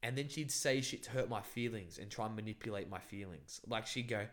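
A man's voice: medium pitch, expressive, fairly quick, few pauses, fairly bright tone. A young man, chatting casually and recounting a dream in a rambling, profane way, full of fillers.

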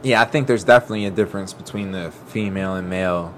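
A man's voice: low-pitched, quick pace, fairly bright tone, a little hiss or hum. A man co-hosting a casual podcast who jokes brashly and cuts in on the others. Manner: joking, brash, interjecting. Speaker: podcast co-host. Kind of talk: casual crude podcast banter.

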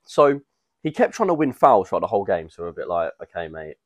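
A young man co-hosting a casual podcast, telling long stories full of fillers and slang. His voice sits fairly low. The sound is dry and close to the mic. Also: very animated, fast talker, no echo. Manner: rambling storytelling with fillers and slang. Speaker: podcast co-host. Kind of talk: casual chat.

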